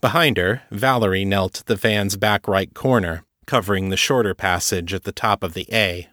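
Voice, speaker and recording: A man narrating a serialized fiction story in a steady, even manner. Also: fairly low pitch, normal speed, no echo, clean studio sound. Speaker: audiobook narrator.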